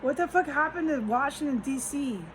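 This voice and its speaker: A woman's voice: sits high, lively intonation, normal speed, slight background noise, low-quality recording. A woman vlogging from a rented room, talking in a rambling, frustrated way, cursing often and restarting her sentences. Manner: agitated, profane, trailing off and restarting.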